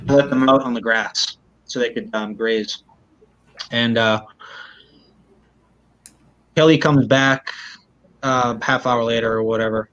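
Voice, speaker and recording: A man being interviewed, retelling events in a halting way and often repeating words. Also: mid-range voice, a bit bright, muffled recording. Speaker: interview guest.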